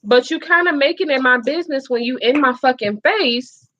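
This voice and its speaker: A young woman with a fairly high voice gives her blunt, opinionated takes in a casual gossip chat. She swears freely. The sound is dull and lo-fi. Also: normal speed, fairly bright tone, slight background noise. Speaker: co-host.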